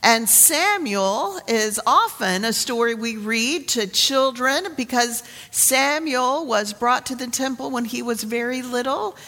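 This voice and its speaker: A woman pastor introducing and reading an Old Testament lesson in a relaxed, conversational sermon, with fillers and restarts. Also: on the high side, a little slow, few pauses. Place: church sanctuary. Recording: long reverb of a church sanctuary.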